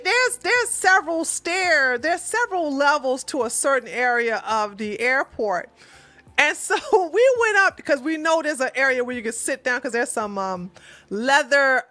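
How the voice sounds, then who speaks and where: Bright, animated woman telling a story. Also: fairly high pitch, dry recording. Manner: animated, chatty, breaks into laughter, acts out quotes. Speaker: channel host. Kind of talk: casual storytelling to camera.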